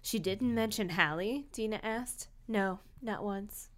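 A woman's voice: mid-range voice, measured pace. A woman co-hosting a comedy podcast, reading a novel aloud and cutting in with blunt, profane comments. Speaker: podcast co-host.

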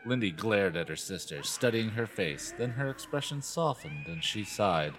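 Lively man reading a book aloud. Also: lowish voice, moderate pace, hardly any pauses, slight background noise. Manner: reads dialogue animatedly, breaks into laughter. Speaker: podcast co-host reading aloud. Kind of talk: comedic book reading with asides.

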